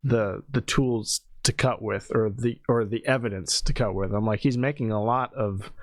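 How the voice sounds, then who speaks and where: A man's voice: on the low side, moderate pace, no echo, studio quality. A man hosting a podcast in casual chat, sarcastic and often laughing. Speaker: podcast host.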